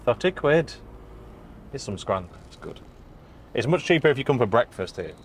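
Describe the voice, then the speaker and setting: A man's voice: mid-range voice, big pitch swings, normal speed, slight background noise. A man talks casually to his camera from inside a parked van. His delivery is chatty and jokey, with a self-deprecating edge, and the camera mic picks up the close sound of the vehicle. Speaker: food and travel vlogger.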